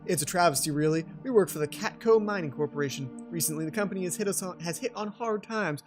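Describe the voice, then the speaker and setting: A man's voice: high-pitched, fast talker, over music, natural voice. A man playing a verbose station manager who never uses one word where five will do. The accent wanders between regions as he talks. A light game soundtrack plays underneath. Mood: formal. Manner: wordy, overly formal, wandering put-on accent.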